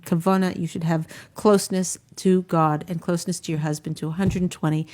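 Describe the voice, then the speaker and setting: A woman's voice: on the low side, steady tone, brisk, a little mellow. A woman hosting an advice talk show, giving frank counsel and acting out sample conversations. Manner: gives frank advice, acts out sample dialogues.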